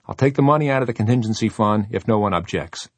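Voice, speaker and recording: A man reading an audiobook, voicing an excitable, hot-headed young man who talks eagerly and heatedly. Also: fairly low pitch, fast, breathy edge, no echo. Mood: excited.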